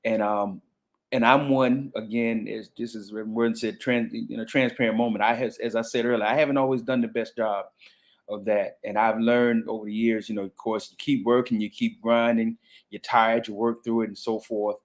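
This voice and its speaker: Male pastor on a panel, low voice, thoughtful and halting. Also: level tone. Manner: reflective, frequent restarts and fillers. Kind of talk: panel conversation.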